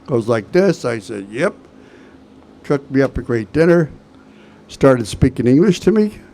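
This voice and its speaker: An older man gives an induction speech, telling a funny story with animated delivery. His voice sits at an ordinary male pitch. He slips into quoted voices as he goes. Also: normal speed, gravelly, slight background noise. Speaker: hall of fame inductee. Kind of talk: anecdotal speech.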